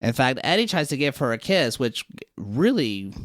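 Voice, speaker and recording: In a laid-back episode recap, this podcast co-host animatedly performs each character's lines with quick voice switches. His pitch is mid-range, and the studio-quality audio has no room sound.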